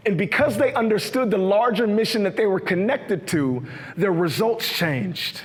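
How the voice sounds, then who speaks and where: Energetic high-voiced male keynote speaker. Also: normal speed. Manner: energetic, leads call-and-response with the audience. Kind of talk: motivational keynote speech. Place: large hall with a live audience. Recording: echoey hall.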